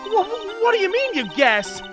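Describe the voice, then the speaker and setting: A man's voice: very high voice, measured pace, over music, voice pushed up. A man doing a bubbly young girl sidekick. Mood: excited. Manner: bubbly and pushy. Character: excitable young female spirit medium sidekick.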